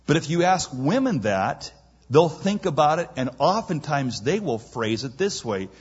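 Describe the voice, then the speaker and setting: A man preaching in a slow, measured way, with a husky, breathy edge to his voice. He reads scripture and then retells it in plain, casual words, throwing himself into the lines he quotes. The recording sounds dull and lo-fi. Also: on the high side, big pitch swings. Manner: dramatic, acts out quoted lines. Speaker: pastor. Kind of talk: expository sermon.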